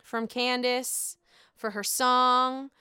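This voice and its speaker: A woman recapping a reality TV episode in a casual, gushing way, excitable and swearing freely. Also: fairly high pitch, very slow, smooth, no room sound, studio quality.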